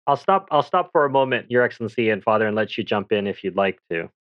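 A man's voice: fairly low pitch, lively intonation, fairly bright tone, no room sound. Dry-voiced young man hosting commentary. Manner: measured, dryly ironic, reads notes. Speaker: host. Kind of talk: talk show commentary. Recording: dull dry lo-fi sound.

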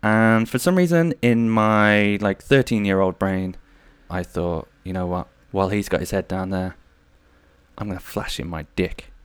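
A man's voice: sits low, a little slow, clear, resonant tone, no echo. A man in his thirties hosting a podcast solo, rambling through jokey anecdotes. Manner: rambling, jokey, slips into silly voices. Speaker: podcast host.

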